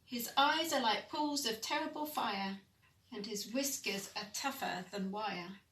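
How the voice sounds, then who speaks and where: A woman's voice: on the high side, unhurried, a bit bright. A woman doing a solemn monster dad. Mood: warning. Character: big wary male monster father. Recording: echoey room, mic at a distance.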